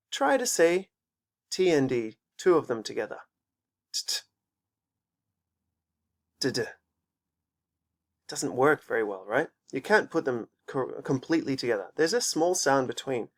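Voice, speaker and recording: A man's voice: mid-range voice, sing-song, normal speed. A man teaching an English pronunciation lesson, patiently repeating words for students to copy. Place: teaching in Japan.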